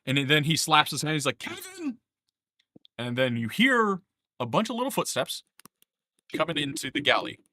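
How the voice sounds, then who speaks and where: Brief: male game master, casual narration, bright tone, dry close sound. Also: a little high, expressive, normal speed, no echo. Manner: casual, laughing, lots of uh fillers.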